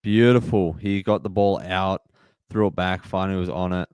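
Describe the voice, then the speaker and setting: A man hosting a live match-reaction stream, excitable and emotional, shouting at big plays. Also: low-pitched, moderate pace, smooth, no room sound, studio quality.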